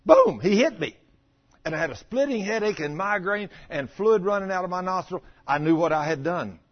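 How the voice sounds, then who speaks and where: An older man preaching a folksy, animated sermon about healing, acting out the voices in his stories. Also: high-pitched, fairly quick. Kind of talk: sermon storytelling. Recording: dull lo-fi recording.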